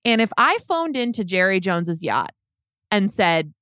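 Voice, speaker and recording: A woman co-hosting a sports podcast who walks through the details methodically. Her voice is smooth and resonant at a middle pitch, recorded dry and close. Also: big pitch swings, moderate pace, a bit bright, no echo. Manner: analytical, explains points step by step. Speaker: podcast co-host. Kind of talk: casual sports analysis.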